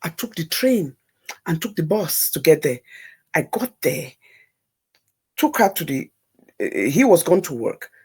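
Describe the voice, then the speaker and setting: A woman's voice: sits low, big pitch swings, a little slow, long pauses, darkish tone, slightly rough. A woman telling a personal story on a talk show, emphatic and repeating words for effect.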